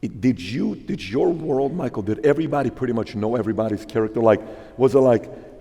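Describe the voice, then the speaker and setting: A man hosting an interview, asking halting questions that restart several times. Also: mid-range voice, animated, mellow, breathy edge, big-room sound. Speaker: interview host.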